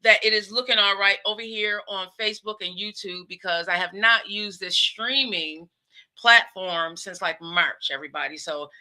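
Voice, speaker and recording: Woman, 50s, from the US; host of her own stream, talkative, speaks straight to the audience, mid-pitched and strikingly bright. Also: steady tone, normal speed. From United States. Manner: chatty, often calls the audience "y'all". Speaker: show host. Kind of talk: casual livestream talk.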